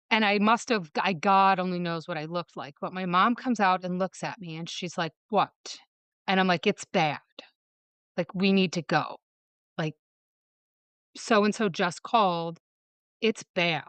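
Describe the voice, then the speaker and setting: In a dry recording, a woman with a mid-range, somewhat bright and smooth voice shares a personal story on a podcast. She's from Michigan, talks fast, and keeps using "like" to introduce what other people said.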